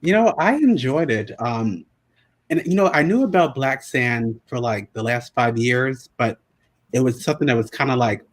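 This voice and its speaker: A man who writes comics, a guest telling relaxed anecdotes in casual chat. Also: medium pitch, moderate pace, poor audio. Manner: relaxed anecdotes, acts out quotes.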